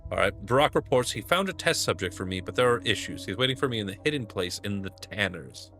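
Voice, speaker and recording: Low-voiced man commenting on a game. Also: expressive, fairly quick, bright, forceful tone, soft background music. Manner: rambling, reads dialogue aloud. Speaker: let's play gamer.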